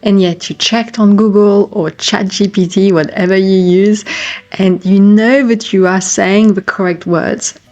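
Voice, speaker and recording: A woman's voice: mid-range voice, steady tone, unhurried, darkish tone, lo-fi sound, faint music behind. French woman giving an encouraging language lesson. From France. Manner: chatty and encouraging, repeats key points. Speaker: French teacher. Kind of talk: casual video lesson.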